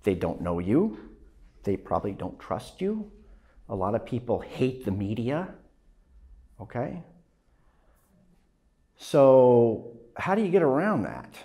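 A man lectures a class, his pitch moving a lot as he talks. He keeps adding "right?" after his points and now and then acts out a phone call. His voice sits in the middle of the range. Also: slow, long pauses. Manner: animated, frequent "right?" tags, acts out phone calls. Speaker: journalism instructor.

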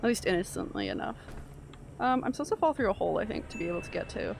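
A woman from Canada streaming a shooter game live, chatting casually, swearing and reacting loudly to the action. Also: mid-range voice, huge pitch swings, fast talker, gravelly, noisy background.

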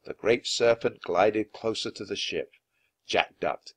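A man reading a children's adventure book aloud, expressive and dramatic. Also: on the low side, measured pace, husky. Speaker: storyteller.

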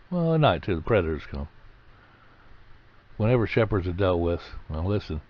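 A man's voice: low voice, big pitch swings, moderate pace, long pauses. A man teaching from the Bible in a conversational sermon, plain-spoken and repeating key phrases for emphasis. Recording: dull lo-fi recording.

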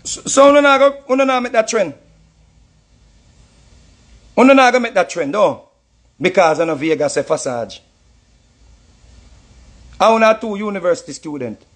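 A man's voice: high-pitched, animated, unhurried, long pauses. A man with a Jamaican accent, reacting to clips in heated commentary, repeating himself in an indignant, mocking way. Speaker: reacting artist.

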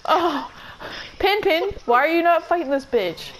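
A young woman streaming a game, chatting excitedly with a friend, swearing and laughing often. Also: extremely high pitch, measured pace, poor audio. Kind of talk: excited casual gaming chat.

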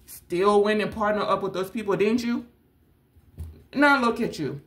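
A woman's voice: medium pitch, measured pace. A woman who hosts a tarot channel, ranting straight to camera in a blunt, confrontational way and repeating her points. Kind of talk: direct-to-camera rant.

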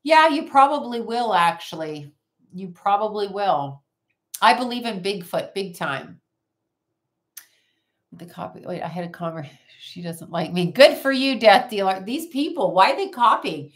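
A woman's voice: medium pitch, very animated, unhurried, a bit bright. A woman hosting a psychic livestream from home, chatting casually and bluntly with viewers and swearing freely as she reads their comments. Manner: blunt, profane, talks back to chat.

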